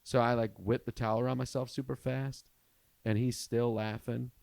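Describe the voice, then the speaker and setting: A man in his thirties, a comedian hosting a podcast, telling a profane family story in an animated way. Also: mid-range voice, normal speed, vocal fry, no room sound. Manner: animated, profane, rising to shouts at the punchlines.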